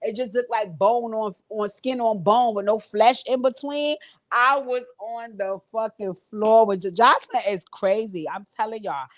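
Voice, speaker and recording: A woman hosting her own channel, recapping a reality show in a blunt, profane, animated style, laughing often and talking straight to her viewers. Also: a little high, normal speed. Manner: frequent laughs and direct address to viewers. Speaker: host.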